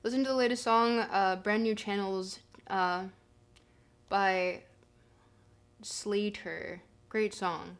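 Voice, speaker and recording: A woman's voice: mid-range voice, unhurried, a bit bright. A young woman streaming live, chatting casually and joking as she reads her chat aloud.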